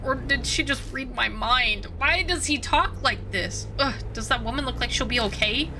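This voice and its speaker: Background noise and game music accompany a woman streamer with a high-pitched voice, speaking at normal speed. She reads the visual novel's dialogue aloud and breaks off for loud, giggly, foul-mouthed commentary.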